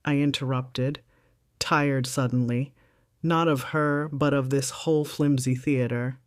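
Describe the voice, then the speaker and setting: A woman's voice: a bass voice, fairly even intonation, unhurried, no echo, studio quality. Composed, wry middle-aged woman narrator. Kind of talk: scripted first-person story narration.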